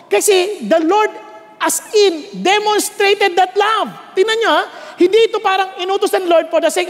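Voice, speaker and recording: A man with a Filipino accent preaching a sermon as a pastor, animated and mixing Tagalog with English while calling on the congregation to repeat after him. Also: very high voice, moderate pace, in a large hall.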